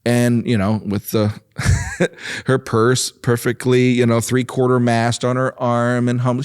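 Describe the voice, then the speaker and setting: A man in his fifties, a nonprofit leader, telling stories in a relaxed interview with easy laughs and filler words. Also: mid-range voice, measured pace, clean tone, no room sound, studio quality. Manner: warm storytelling with frequent laughs and fillers. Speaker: nonprofit president and guest.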